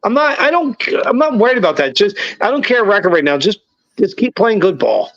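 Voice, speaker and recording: A fired-up man co-hosting a sports podcast, swearing freely as he rants with a somewhat high voice. The recording sounds dull and lo-fi. His delivery is emphatic and blunt. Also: very animated, fairly quick, no room sound. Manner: profane, emphatic, rising to near-shouting rants. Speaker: podcast co-host. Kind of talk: casual sports talk.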